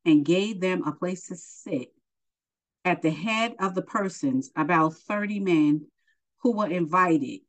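A woman's voice: on the low side, a little slow, low-quality recording. A woman teaching a Bible lesson, reading scripture aloud and stopping to explain it in casual asides.

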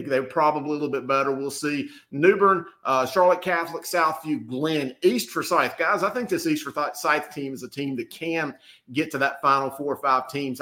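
A man, rattling off high school football rankings with energy as the show's analyst. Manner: energetic, rattles off team names. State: out of breath. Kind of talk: excited sports talk.

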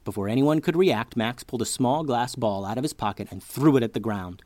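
A man's voice: medium pitch, a little fast, darkish tone, dry recording. A man hosting a children's story podcast who narrates expressively, like a storyteller for kids.

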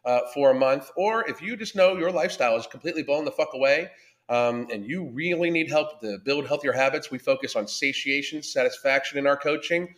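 A man's voice: medium pitch, a little fast, a bit bright. A man hosting a livestream as a weight-loss coach, talking casually and bluntly with constant swearing, and greeting his viewers by name. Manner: blunt and heavily profane.

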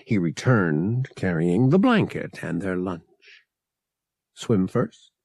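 Gravelly, slow male audiobook narrator. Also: low-pitched, no echo. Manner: measured, expressive storytelling.

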